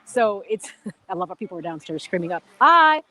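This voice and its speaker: A woman with a fairly low, darkish voice speaks briskly on a dry recording. She co-hosts a live sports radio talk show on location at a golf country club, chatty and saying "you know what I'm saying" a lot.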